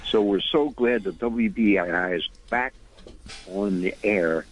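A man's voice: lowish voice, a little slow, a little hiss or hum, rough recording. An older man, a musician and radio guest, telling long earnest anecdotes in a rambling conversational way that drifts into preaching. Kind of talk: conversational storytelling.

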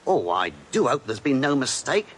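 A man's voice: medium pitch, very animated, normal speed, slight background noise, lightly acted. Casting: a man voicing a jittery, deferential hotel clerk, voice jumping all over, 1940s radio comedy. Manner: stammering, nervous, deferential. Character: flustered hotel clerk, man, timid and fussy.

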